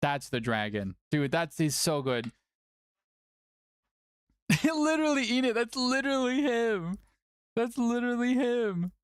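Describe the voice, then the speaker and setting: Animated, playful stream host, dry mic. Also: mid-range voice, measured pace, long pauses, smooth, dry recording. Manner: playful, chatty, often cooing at a cat. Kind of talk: casual livestream chat.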